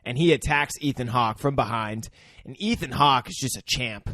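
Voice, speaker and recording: A man's voice: mid-range voice, moderate pace, pushed and bright, no echo. A man co-hosting a podcast in casual chat, mostly chiming in with short reactions, laughs and some swearing. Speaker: podcast co-host.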